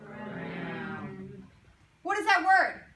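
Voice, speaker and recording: A woman teaching a phonics lesson to young children, sounding out words slowly and asking coaxing questions. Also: sits high, expressive. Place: classroom. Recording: roomy classroom from far off, faint noise.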